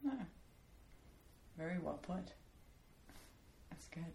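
A woman's voice: lowish voice, expressive, slow pace, vocal fry, warm tone, roomy sound, slight background noise. A woman hosting a podcast interview, chatty and playful, laughing often and teasing her guest. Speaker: podcast host. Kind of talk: casual interview chat.

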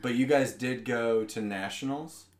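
A man's voice: mid-range voice, a little slow, echoey room. A man hosting a podcast in casual chat, ranting and mocking with plenty of swearing. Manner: profane, mocking rants. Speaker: podcast host. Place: podcast studio.

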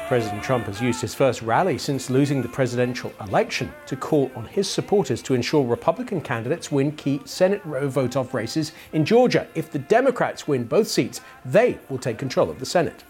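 A man reading broadcast news headlines in a measured, formal delivery. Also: mid-range voice, a little mellow. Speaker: newsreader.

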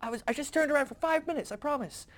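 A man doing a shrill panicked young heavenly son. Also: quick pace, fairly bright tone. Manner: shrill, high-pitched and frantic. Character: panicked young male divine son, flustered and excuse-making. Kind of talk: comic retelling in a podcast.

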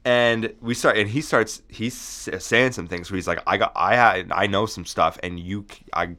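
A man co-hosting a podcast, telling a deadpan comic story in a rambling way, full of restarts. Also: fairly low pitch, normal speed. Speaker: podcast co-host.

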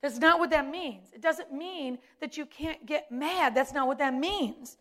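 A woman's voice: sits high, measured pace, fairly bright tone. A woman, a pastor's wife, preaching a sermon with emphatic delivery and repeated key words.

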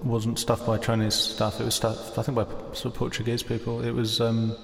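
A man, a regular of the show, chipping in quick comments in casual chat. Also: mid-range voice, monotone, creaky, echoey room, in a large hall. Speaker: sound engineer and show regular.

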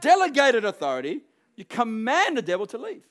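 Guy with a high voice preaching a sermon, gets loud and firm, acts out little quotes. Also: wildly swooping pitch, brisk. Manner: emphatic, rising to forceful peaks, acts out quoted voices.

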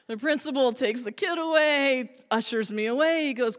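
On stage in a hall, a woman with a high-pitched, somewhat slow voice tells a comic story, chatty and self-deprecating with lots of fillers. The recording is reverberant.

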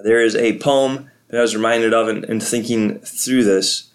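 A middle-aged man with a fairly low voice gives a devotional podcast talk. He is a pastor, and he speaks to parents in an earnest, prayerful and encouraging way. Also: steady tone, normal speed.

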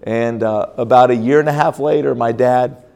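Male pastor, sermon testimony, mid-pitched voice, restarts and fillers, church conference hall. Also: fairly even intonation, moderate pace, gravelly, mellow. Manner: storytelling with frequent restarts and fillers.

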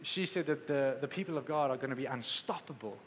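A man's voice: mid-range voice, a little fast, a little hiss or hum. A man preaching a sermon in a conversational, emphatic way, acting out quotes as he goes. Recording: echoey hall with faint ambience.

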